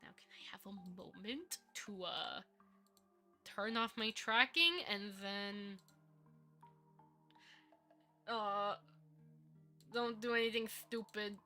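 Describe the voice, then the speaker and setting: A woman's voice: mid-range voice, takes it slowly, pushed and bright, faint music behind. A woman streaming live as a VTuber while modeling in 3D, chatting playfully with giggles and mock-villain theatrics. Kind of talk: casual live stream chat.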